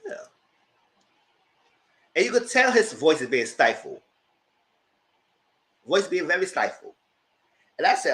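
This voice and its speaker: Animated, gossipy man reviewing TV. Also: on the high side, moderate pace, pauses often. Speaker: TV show reviewer. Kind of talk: casual review commentary.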